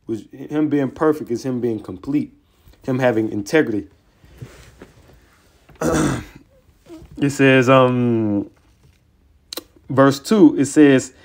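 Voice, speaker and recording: A man teaching scripture in a heated online sermon, combative and excitable, taunting opponents with profanity, then reading verses aloud and stopping to comment on them. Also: mid-range voice, takes it slowly, long pauses. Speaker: religious teacher.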